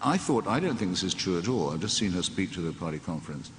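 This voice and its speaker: Wry deep-voiced Englishman in a hall. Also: very animated, fast talker, a bit bright. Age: 60s. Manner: wry, sardonic, digressive. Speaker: interview guest. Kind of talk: onstage conversation before an audience. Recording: echoey hall, faint room noise.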